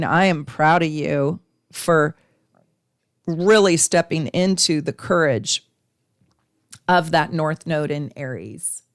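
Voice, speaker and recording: Effusive woman astrologer with a lowish voice. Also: clean tone, dry recording, studio quality. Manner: effusive, chatty, laughs often. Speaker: astrologer giving live chart readings. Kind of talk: live-stream casual chat.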